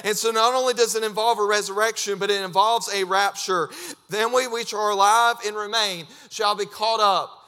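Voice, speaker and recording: A man preaching a fervent sermon, emphatic and repetitive, breaking into shouts. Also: sits high, steady tone, moderate pace, clean tone.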